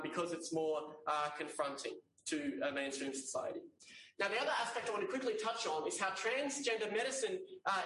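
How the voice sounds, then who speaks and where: A man with a high voice gives an earnest slide talk, stumbling through fillers and restarts. He sits back from the microphone, and the room rings with echo. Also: bright, forceful tone, slight background noise. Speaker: lecturer. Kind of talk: informal slide presentation to an audience. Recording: echoey room, distant mic.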